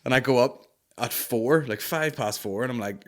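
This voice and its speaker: A man's voice: fairly low pitch, fast. Sweary man ranting. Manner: sweary, exasperated, animated storytelling. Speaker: podcast host. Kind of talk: comic storytelling rant.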